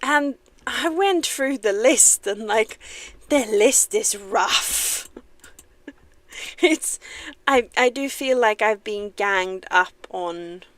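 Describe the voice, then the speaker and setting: A young woman talks casually while streaming a game, often laughing at herself. Her voice sits somewhat high and moves around a lot. She speaks slowly and easily. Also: animated, fairly bright tone, no room sound. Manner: chatty and self-deprecating, laughs often. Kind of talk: casual livestream chat.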